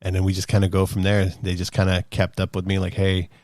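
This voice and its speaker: A man in his thirties casually telling a rambling, animated story as a podcast host, acting out quotes in a higher voice. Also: fast, dry recording, studio quality. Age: 30s.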